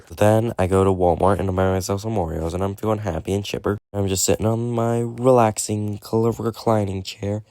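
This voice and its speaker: A man telling a crude comic story in a villain persona, deadpan and profane. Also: lowish voice, brisk, hardly any pauses, clear, resonant tone, no echo, clean studio sound.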